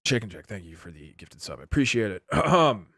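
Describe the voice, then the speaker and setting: A man's voice: on the low side, big pitch swings, brisk, noisy background. A man live-streaming, chatting casually with his viewers in a sarcastic, exasperated way. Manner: sarcastic, exasperated banter with chat.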